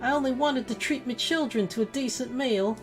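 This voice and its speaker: A woman's voice: a little high, fairly quick, soft background music, pitched above the performer's own voice, lightly acted. A woman voicing a poor refugee woman with a put-on British accent, begging desperately for help.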